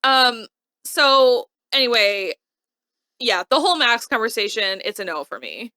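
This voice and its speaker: Bright-voiced woman recapping a TV episode. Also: on the high side, measured pace, no room sound, clean studio sound. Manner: animated retelling, acting out quotes in varied voices. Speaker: podcast co-host recapping a TV episode. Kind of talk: casual chat.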